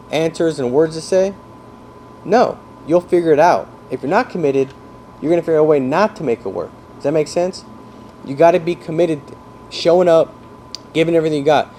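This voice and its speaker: A man coaching salespeople in an energetic talk, explaining through football comparisons and often checking that his listeners follow. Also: a little high, slight background noise. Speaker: sales trainer.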